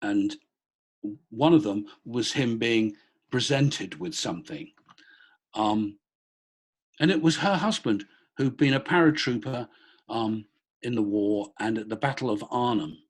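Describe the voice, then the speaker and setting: A man's voice: medium pitch, measured pace, slightly rough. A middle-aged man, a former police officer, telling a story on a video call with many hesitant restarts. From Britain. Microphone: laptop on a video call.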